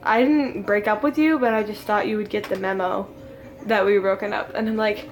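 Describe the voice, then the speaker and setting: Filming at a friend's place, a teen girl tells a rambling story to camera, full of "like" fillers and laughter. She speaks at normal speed in a fairly high voice, and there's a little hiss or hum in the recording.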